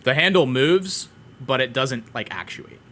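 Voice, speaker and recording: Casual male game master, mid-pitched, rambling narration, faint hiss. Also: big pitch swings, a little slow, pushed and bright. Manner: loose, rambling with many fillers.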